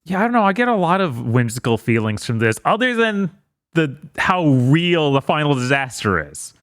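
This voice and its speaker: Relaxed man chatting on podcast. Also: on the high side, normal speed, no echo, clean studio sound. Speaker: podcast co-host. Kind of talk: casual podcast review chat.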